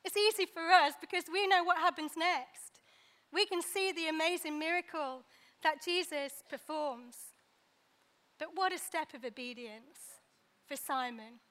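A woman preaching a sermon, pausing for effect and acting out the lines she quotes. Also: high voice, fairly bright tone. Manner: dramatic pauses, acts out quoted dialogue.

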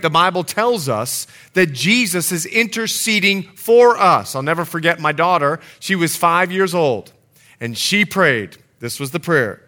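A male pastor preaching a sermon, an animated storyteller with playful asides. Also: a little high.

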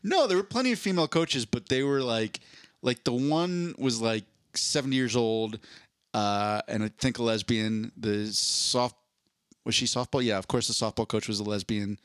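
A male podcast co-host with a mid-range voice tells a meandering story at a normal pace during a casual chat, performing the voices of a cop and a dispatcher. The audio is clean studio sound with no room noise.

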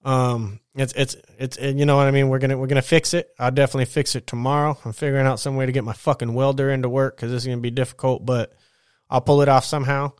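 At home getting ready for bed, a man hosts his podcast and tells a work story in a casual, rambling, profane and animated way. He talks fast in a smooth mid-range voice, recorded dry and clean as in a studio.

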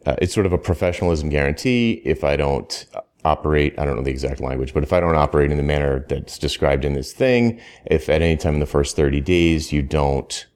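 A man's voice: very deep voice, fairly quick, darkish tone. A man talking casually in a podcast conversation, emphatic and rambling, often restarting his sentences. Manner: rambling, self-correcting, emphatic. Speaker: consultant guest.

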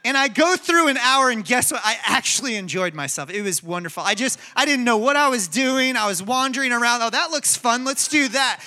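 Very bright, high-voiced man preaching. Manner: animated storytelling, conversational and emphatic. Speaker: pastor. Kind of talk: sermon.

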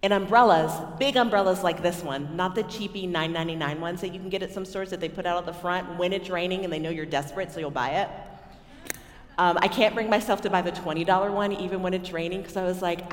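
A woman with a Texan accent preaching a sermon to a women's gathering, telling stories and swinging between loud and hushed moments. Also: on the low side, fairly quick. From Texas. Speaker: women's ministry speaker. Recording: echoey hall with long reverb.

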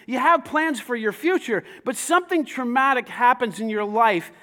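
A man preaching to his church, talking conversationally with many rhetorical questions and rising to shouts. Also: very high voice, animated, normal speed. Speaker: pastor. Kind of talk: sermon.

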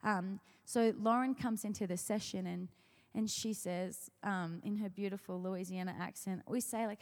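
A woman's voice: medium pitch, fairly quick. A woman songwriter telling a story to an audience in a chatty way, full of fillers and restarts. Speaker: worship songwriter speaking at an event. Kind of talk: casual storytelling talk. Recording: long hall reverb.

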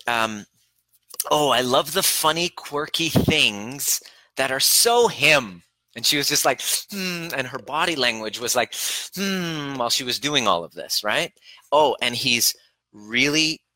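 Emphatic male relationship coach, bright tone. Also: medium pitch, no echo, rough recording. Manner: earnest, emphatic, retells sessions with quoted dialogue. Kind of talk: coaching talk to camera.

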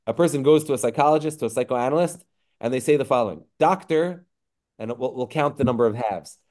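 A man gives an online lesson in a middle-pitched voice, thinking aloud and filling pauses with "um" and "uh". He slows right down whenever he quotes a phrase. The sound comes through a computer mic on a video call. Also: a little mellow. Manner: reflective, stretches quoted phrases slowly, frequent fillers. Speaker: rabbi teaching a class. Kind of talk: online lecture.

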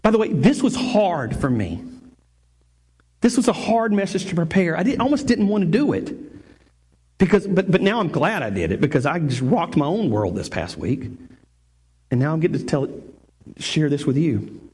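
Pastor guy with a high voice, preaching, keeps restarting and repeating himself. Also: big pitch swings, normal speed, long pauses, a little mellow, husky. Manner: earnest, repeats phrases and restarts, rising and falling emphasis. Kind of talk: sermon.

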